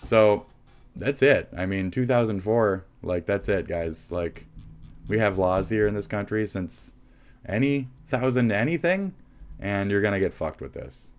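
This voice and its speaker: Deep-voiced man ranting angrily. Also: lively intonation, a little slow. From United States. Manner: profane, rambling, combative. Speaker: live streamer. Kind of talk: angry live-stream rant.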